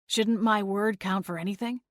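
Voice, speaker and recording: A woman voicing a stressed, anxious young man who pleads in a strained, soft voice. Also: medium pitch, steady tone, moderate pace, no echo, studio quality, lightly acted.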